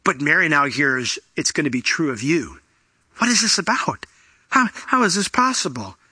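A man preaching a sermon, explaining scripture and acting out the quoted lines with sudden jumps in pitch. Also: moderate pace, slightly rough, dry recording. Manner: animated, acts out quoted voices with big pitch jumps. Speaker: pastor.

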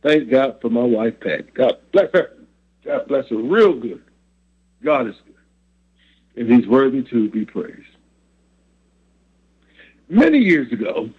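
A man speaks as a pastor and show host, praying and then chatting about faith. His voice is husky and comes through thin, like a phone line. He talks in a measured, preacherly way and repeats his phrases. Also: medium pitch. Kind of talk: prayer and faith talk.

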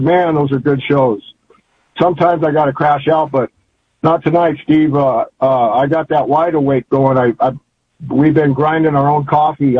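A man's voice: fairly high pitch, husky. An older man calling in to a radio show, talking in a rambling, folksy, emphatic way over a phone line. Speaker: caller. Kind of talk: call-in radio chat.

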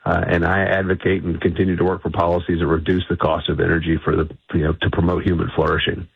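A man's voice: sits low, little pitch movement, fast talker, creaky, slightly rough, no echo. A man speaking as a guest in a phone-in radio interview, arguing his points assertively with frequent restarts. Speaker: energy policy guest. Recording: tinny phone line.

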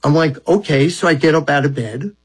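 An older man from Brooklyn talks in a rambling, earnest way about spiritual matters. His voice sits a little high for a man. He tells long personal stories as a talk-show guest. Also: brisk, breathy edge, low-quality recording. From Brooklyn, New York. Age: 70s. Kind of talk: reflective storytelling.

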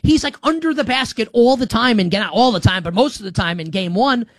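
A man's voice: high-pitched, lively intonation, a little fast, no echo. A man hosting a solo sports commentary show, talking in a sarcastic, emphatic and rambling way with frequent restarts. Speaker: sports talk host.

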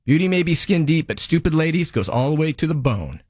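A stern, sarcastic TV judge tears into a defendant in a lively, up-and-down voice that swings between mockery and disbelief, as a man reads her part. The pitch sits a little high for a man, and the sound is dry and close. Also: fairly quick, no echo. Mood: scolding. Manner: sarcastic, scolding, mocking the defendant. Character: stern, scolding female TV judge handing down rulings. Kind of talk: comedic courtroom monologue.

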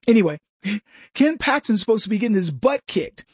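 A man hosting a casual political commentary monologue, mocking and chuckling with lively asides. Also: high-pitched, brisk, breathy edge, no room sound, clean studio sound.

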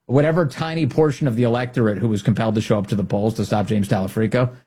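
Man, husky voice, talk show host, casual political commentary, joking, candid, restarts sentences. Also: on the low side, fast, dark tone.

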